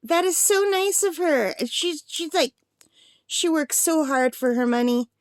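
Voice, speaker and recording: Excited high-voiced 60-year-old woman. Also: unhurried, no echo, clean studio sound. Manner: gushing, breathless excitement, many exclamations. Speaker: art supply vlogger. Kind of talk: excited unboxing vlog.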